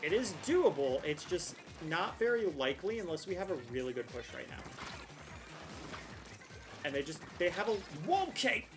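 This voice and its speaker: A woman's voice: lowish voice, moderate pace, over music. Chatty young woman streaming a game. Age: young adult. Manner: chatty, rambling, restarts, excited outbursts. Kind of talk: casual gameplay commentary.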